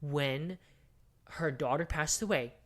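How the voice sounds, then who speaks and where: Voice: medium pitch, a little slow, fairly bright tone. A podcast co-host giving a long, rambling movie recap that is full of swearing, fillers and restarts. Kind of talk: casual podcast chat.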